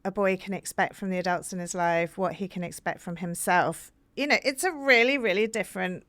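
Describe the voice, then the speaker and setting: A woman from Britain, an author guest in a podcast interview, talking earnestly with many fillers and animated storytelling. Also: on the low side, brisk, no room sound.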